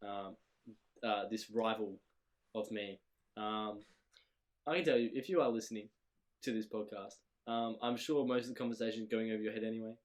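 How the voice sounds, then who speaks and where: A man's voice: on the low side, fairly even intonation, normal speed, long pauses. A man co-hosting a casual chat podcast, mocking and joking, with plenty of ums and restarts. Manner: hesitant with many ums, dry mocking. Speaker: podcast co-host.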